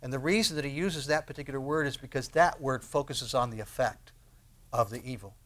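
A man preaching a sermon as pastor, swinging from hushed, low phrases to loud emphatic ones and asking his listeners rhetorical questions. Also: a little fast.

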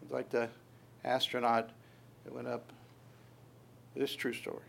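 A man's voice: mid-range voice, level tone, measured pace, vocal fry, fairly bright tone, slight background noise. Stammering conversational male preacher. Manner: conversational, quotes scripture and acts out voices in passing; frequent restarts and stammers. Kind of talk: sermon.

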